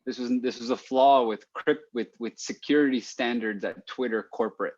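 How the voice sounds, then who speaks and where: A man in casual conversation as a podcast guest, thinking aloud and restarting his sentences with repeated words. His voice sits at a middle pitch, and the sound is dry and muffled, with a lo-fi quality. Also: moderate pace, a little mellow, no room sound. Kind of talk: casual chat.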